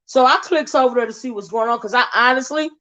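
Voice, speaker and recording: A woman's voice: a little high, fast, bright, forceful tone, lo-fi sound. A woman hosting a casual gossip livestream, chatty and drawling. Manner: chatty, drawling, calls viewers child and honey. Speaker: livestream host.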